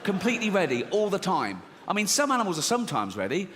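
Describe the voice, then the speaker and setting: A man's voice: high voice, fast, a little hiss or hum. A man performing a profane stand-up comedy set, acting out characters as he tells his jokes. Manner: animated, profane, acts out characters. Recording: reverberant hall with faint ambience.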